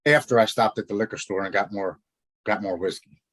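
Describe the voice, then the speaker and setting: A man, a podcast guest, telling his own story in an earnest, halting way, often repeating words as he goes. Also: on the low side, a bit bright, dry recording, poor audio. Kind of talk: personal storytelling.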